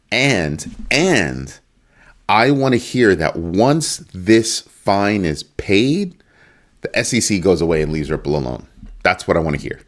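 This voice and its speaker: A middle-aged man with a very low, deep voice talks through his thoughts in a casual solo commentary. His pitch swings widely as he gets emphatic, slipping into mock quotes and sudden high outbursts. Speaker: crypto news commentator.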